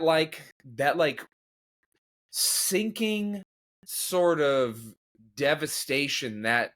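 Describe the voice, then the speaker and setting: A man with a medium-pitched, slightly bright voice hosts his own podcast, opening up in a candid, meandering way about grief and faith. He mocks himself and often restarts, with plenty of fillers.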